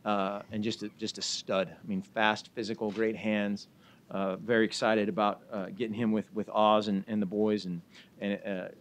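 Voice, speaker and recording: A head football coach fielding a press conference, a man with a somewhat low-pitched voice. He talks in a loose, upbeat way and piles on praise. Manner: upbeat, informal, heaps praise on recruits.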